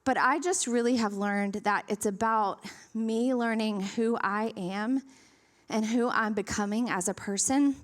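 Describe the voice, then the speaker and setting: A woman's voice: a little high, a little slow. A woman in her thirties giving a storytelling sermon at a church service, acting out the voices in her story and laughing along as she goes. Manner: animated, acts out quoted voices, laughs through stories.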